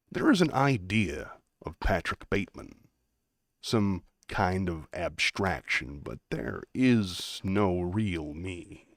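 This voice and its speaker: A man voicing a detached young male yuppie killer who speaks in a flat, measured way, trying too hard to sound like a regular person. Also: fairly low pitch, no room sound, clean studio sound, full character voice.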